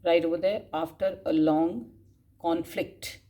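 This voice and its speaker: Woman teacher reading notes aloud for students to copy, very slow, repeats phrases, coughs often. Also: on the low side, fairly even intonation, dark tone. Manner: slow dictation, spelling out words and repeating phrases; frequent coughs and throat clearing. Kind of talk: dictating class notes.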